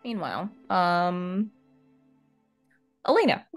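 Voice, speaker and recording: A woman game master narrates a tabletop role-playing game at a slow, deliberate pace. Her low voice rises and falls widely as she sets the scene. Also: faint music behind. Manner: unhurried, expressive storytelling.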